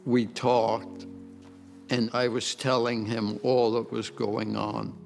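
An older man telling his personal testimony in a slow, reflective way over soft music. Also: mid-range voice, little pitch movement, creaky. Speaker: church member giving testimony. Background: soft instrumental music.

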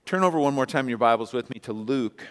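A male pastor preaching a sermon in a church, telling the story with animated, emphatic peaks and asking the congregation to respond. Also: medium pitch, fast talker, clear, resonant tone. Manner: asks the congregation to answer and respond. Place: church sanctuary. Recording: long church-hall reverb.

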